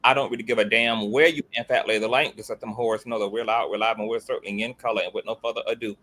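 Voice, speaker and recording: A man's voice: fairly low pitch, steady tone, fast, bright, forceful tone. A man hosting a casual commentary livestream, sassy and flamboyant, tossing out "girl," "child" and "honey" as he talks.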